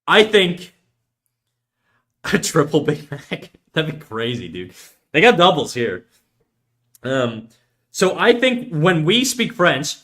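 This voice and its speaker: This young Canadian-accented man speaks on the high side, very animated yet slow, pausing often in a slightly bright voice. He's from Canada and chats casually while drawing on stream, a rambling, profane joker telling stories.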